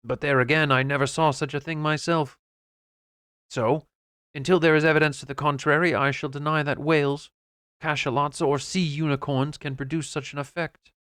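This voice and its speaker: A man reading an audiobook voices a blunt, skeptical harpooner who talks emphatically and a little louder. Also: on the high side, little pitch movement, moderate pace, clear, resonant tone, no echo, clean studio sound, natural voice. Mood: stubborn.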